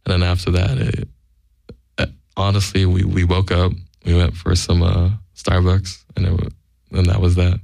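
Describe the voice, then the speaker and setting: A man's voice: deep voice, completely flat delivery, normal speed, vocal fry, a little mellow, dry recording, studio quality. A man telling a casual, profane anecdote in a blunt way, acting out the quoted lines. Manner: blunt, acts out quoted dialogue. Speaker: guest storyteller.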